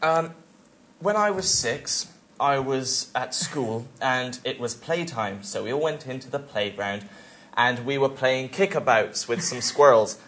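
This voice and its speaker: A man's voice: medium pitch, lively intonation, a little slow, a bit bright, a little hiss or hum. Man rambling through a silly story. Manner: rambling, laughing, acts out voices. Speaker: panellist. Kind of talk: improvised comic storytelling.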